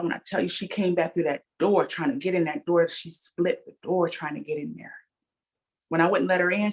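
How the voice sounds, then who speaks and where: A woman's voice: low voice, gravelly. A middle-aged woman sharing a personal testimony as a guest speaker, telling her story earnestly and calling her listeners y'all.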